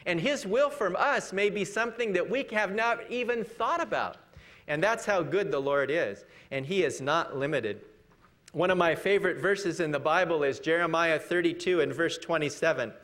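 A preacher with a high-pitched voice delivers an earnest, conversational sermon. He questions his listeners directly and slows to a measured pace for scripture. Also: a bit bright.

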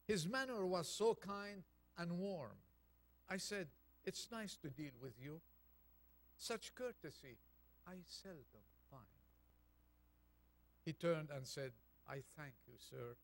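A man preaches a Thanksgiving sermon in a slightly raised, gravelly voice, taking his time with every phrase. He reads a poem gently and near-hushed, then lifts into an urgent, stirring call. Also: on the high side, lively intonation, slow pace, pauses often. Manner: reads a poem aloud softly, then preaches with rising intensity.

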